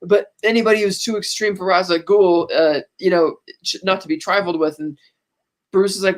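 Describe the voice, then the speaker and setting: High-pitched guy on a podcast, acting out movie lines as he recaps. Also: steady tone, moderate pace. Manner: retells scenes by quoting the characters' lines; frequent restarts and laughs while recapping. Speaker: podcast co-host. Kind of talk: casual movie-review chat.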